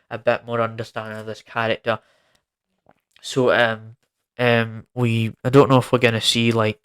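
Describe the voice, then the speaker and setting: A man's voice: medium pitch, fairly bright tone, smooth. A man giving a casual, rambling film review, exasperated and prone to repeating himself.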